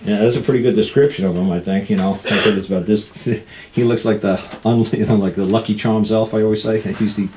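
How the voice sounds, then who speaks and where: A man's voice: on the low side, fairly even intonation, fast, darkish tone, a little hiss or hum. A man hosting a talk show, telling rambling anecdotes and acting out what other people said, often laughing. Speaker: radio show host. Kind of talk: casual storytelling.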